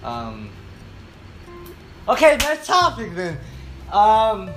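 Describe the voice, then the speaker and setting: Laughing young man, fairly high voice. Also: wildly swooping pitch, drawn-out words, fairly bright tone, faint music behind. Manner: laughing, rambling, loses his train of thought. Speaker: host. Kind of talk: crude casual chat. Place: home room.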